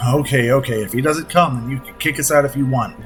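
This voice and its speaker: A man's voice: medium pitch, fast, soft background music, close to an everyday voice. A man voicing a decisive young male sky pirate leader in a British accent. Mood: steady.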